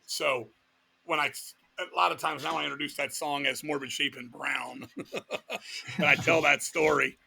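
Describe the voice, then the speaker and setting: Gravelly middle-aged guy from virginia ranting through road stories, kinda raspy and bright, swears a lot. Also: a little high, steady tone. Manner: profane, fast-paced anecdotes with voiced quotes. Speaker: guest, death metal vocalist. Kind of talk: animated storytelling in casual talk.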